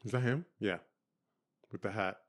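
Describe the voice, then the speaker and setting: Low-voiced man reacting to a TV episode. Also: normal speed, loud music behind the voice. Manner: rambling, thinking aloud. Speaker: reaction video host. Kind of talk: casual reaction commentary.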